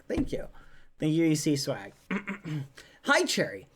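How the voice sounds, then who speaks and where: A woman streamer, softly reading fan messages aloud, laughing often. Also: low voice, big pitch swings, unhurried, long pauses. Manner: soft, affectionate, laughs often.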